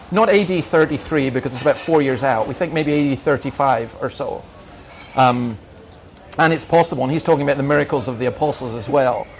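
Middle-aged male minister fielding questions; firm, argumentative delivery, slightly raised pitch. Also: slight background noise. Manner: emphatic, argumentative, anecdotal. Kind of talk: answering audience questions.

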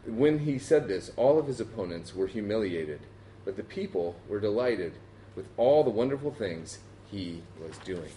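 Man, scripture reading, mellow dark voice, expressive, faint background noise. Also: on the low side, normal speed, reverberant. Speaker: Bible reader.

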